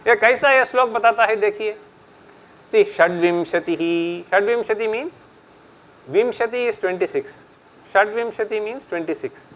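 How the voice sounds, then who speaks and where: A man's voice: sits high, quick pace, pauses often, fairly bright tone, low-quality recording. A middle-aged man with an Indian accent giving a chatty public lecture, switching between English and Hindi and laughing often.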